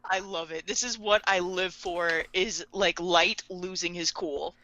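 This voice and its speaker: A woman's voice: on the low side, fairly even intonation, a little slow, sharp tone, rough recording. A woman co-hosting a casual podcast chat, retelling scenes with giggles and acted-out quotes. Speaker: podcast co-host.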